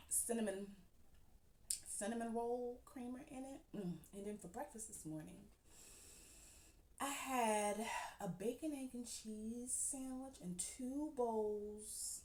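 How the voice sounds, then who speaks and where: A woman talking casually about books she has read, chatty and quick to giggle, calling her listeners "honey.". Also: medium pitch, mellow. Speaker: book reviewer. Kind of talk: casual chat. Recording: roomy echo.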